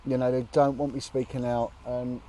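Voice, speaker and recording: A man's voice: medium pitch, level tone, normal speed, mellow, slight background noise. A man vlogging from a roadside bench on a long walk, talking earnestly and indignantly, with blunt swearing. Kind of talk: casual outdoor chat to camera. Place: outdoors, sitting on a bench by a road.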